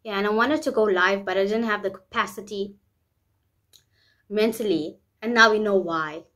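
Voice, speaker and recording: A woman's voice: medium pitch, moderate pace, a bit bright. A woman vlogging in a candid, rambling way, often repeating herself and speaking openly about private matters. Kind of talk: candid personal vlog talk.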